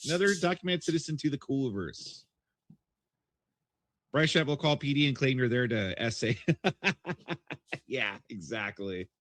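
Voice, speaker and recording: A man's voice: mid-range voice, animated, a little slow, pauses often, a bit bright, no room sound. A man streaming and reacting to a clip with sarcastic, mocking commentary. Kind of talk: casual chat.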